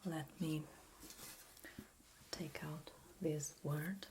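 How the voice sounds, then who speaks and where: A woman's voice: deep voice, steady tone, drawn-out words, noisy background. An Italian woman with an Italian accent, whispering a patient language lesson as ASMR, drawing out words for the listener to repeat. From Italy. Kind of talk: whispered role-play.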